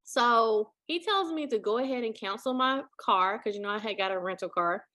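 A woman hosting a podcast, telling a story in casual chat, animated and acting out what people said. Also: fairly high pitch, moderate pace. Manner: animated, acts out quotes, laughs often. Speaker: podcast host.

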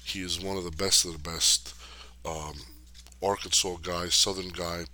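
A man's voice: low voice, level tone, unhurried, sharp tone. A middle-aged man hosting a podcast, chatting casually and answering viewer questions in a loose, streetwise way, with lots of fillers and cursing. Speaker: podcast host. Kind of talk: casual rambling chat, reading viewer questions.

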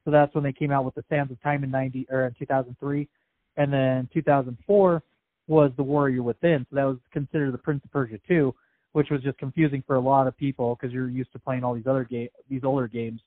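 A man's voice: mid-range voice, little pitch movement, fast, no room sound. Man, podcast co-host, hesitant fact-listing, dry tinny phone-like sound. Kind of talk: casual movie review chat.

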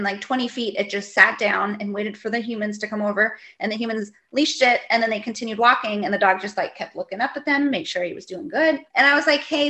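Bright-voiced woman telling lively stories. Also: medium pitch. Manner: animated storyteller, acts out quotes, exasperated. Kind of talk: casual chat.

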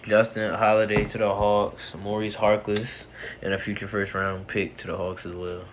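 A man co-hosting a podcast, talking sports in a casual, slangy, excitable way with quick laughs. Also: lowish voice, slight background noise. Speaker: podcast co-host. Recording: dull lo-fi sound.

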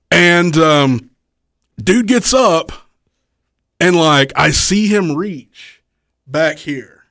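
Profane, animated man telling a story. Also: fairly high pitch, very slow, pauses often, no room sound, studio quality. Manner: profane, animated, laughs often, acts out quotes. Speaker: wrestling promoter, guest. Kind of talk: casual podcast storytelling.

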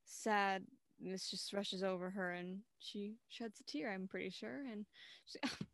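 A woman's voice: medium pitch, unhurried, dry recording. A young woman co-hosting a casual movie review, giggling and acting out characters' lines in playful voices. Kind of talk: casual chat.

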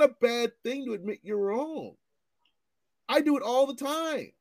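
A man ranting in casual commentary, animated and profane, often repeating himself as he restarts his sentences. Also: very high-pitched, unhurried, no room sound.

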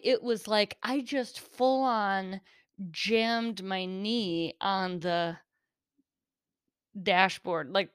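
A woman's voice: medium pitch, a bit bright, smooth, no room sound, studio quality. A woman, hosting a casual solo podcast, a little shaky from caffeine, rambling and giggling as she talks. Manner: rambling, giggly, self-interrupting. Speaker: podcast host.

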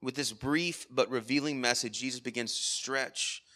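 A man's voice: mid-range voice, normal speed, sharp tone. A man preaching a sermon at a church worship service, earnest, with frequent rhetorical asides. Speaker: pastor.

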